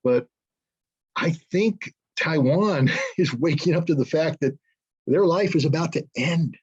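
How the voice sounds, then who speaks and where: Older male guest, blunt and sarcastic, slightly high, husky, dull remote sound. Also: unhurried. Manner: blunt, sarcastic, many ums and restarts. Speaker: interview guest. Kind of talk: political commentary interview.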